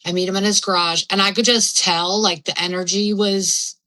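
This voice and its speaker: A woman's voice: medium pitch, fairly even intonation, normal speed, bright, forceful tone, rough recording. A young adult woman telling her own story candidly as a podcast guest, rambling and frank with lots of fillers and swearing.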